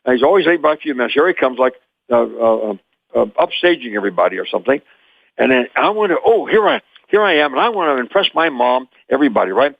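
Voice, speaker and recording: An older man in his eighties, originally from Memphis, Tennessee, tells stories with a lively, sing-song lilt and frequent chuckles. His voice comes through a thin, phone-like line with a dry, close sound. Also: mid-range voice, quick pace, vocal fry, no echo. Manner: lively storyteller, chuckles often. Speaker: guest, former child actor. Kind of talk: animated storytelling interview.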